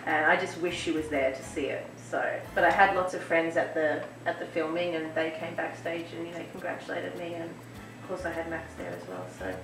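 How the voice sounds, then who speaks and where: A young woman guest in a casual interview, relaxed and chatty, often laughing as she talks. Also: low-pitched, brisk. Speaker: guest dancer. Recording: echoey room from a distance with background noise.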